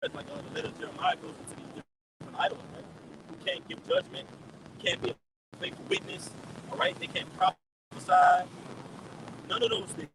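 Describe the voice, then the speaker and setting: High-voiced man reading scripture outdoors. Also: wildly swooping pitch, fairly quick, pauses often. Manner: reads a verse, then breaks it down point by point. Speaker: scripture reader at a street camp. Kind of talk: outdoor street teaching. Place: outdoors by a street. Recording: street noise with passing traffic.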